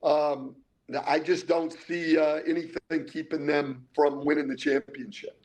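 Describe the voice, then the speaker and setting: Older male basketball analyst with a higher-pitched voice, analytical, stumbles on repeated words. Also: little pitch movement, a little slow, a little mellow. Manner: analytical, repeats words when starting a thought. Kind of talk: casual sports talk.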